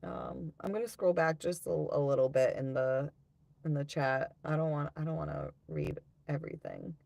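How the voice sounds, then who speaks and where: A woman's voice: low voice, animated, moderate pace, gravelly, dark tone, no room sound, dull audio. A woman in her thirties from the United States, chatting bluntly and profanely on a livestream tarot reading, reading out chat comments and laughing often. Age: 30s.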